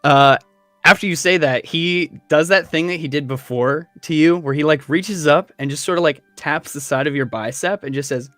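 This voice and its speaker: A man narrating as game master of a tabletop game, talking in an unhurried, halting way with many fillers. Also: a little high, fairly bright tone, dry recording, faint music behind.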